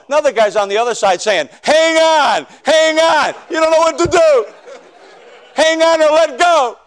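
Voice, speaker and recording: A male preacher telling his conversion story in a sermon, swinging from loud shouts to hushed confession. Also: high voice, smooth. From northern United States. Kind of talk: sermon testimony.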